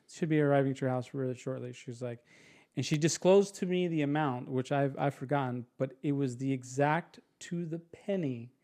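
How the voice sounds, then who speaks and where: A young man, a podcast guest, telling a story in casual chat, animated and acting out the voices of others with quick restarts. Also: mid-range voice.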